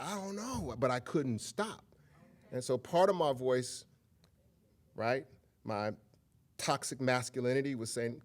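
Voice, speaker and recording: A middle-aged man giving a public lecture, telling personal stories in a candid, conversational way. He often checks in with the audience and slips into a humorous, preacher-like rhythm. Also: fairly high pitch. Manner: humorous, preacher-like cadence at times. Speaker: guest lecturer.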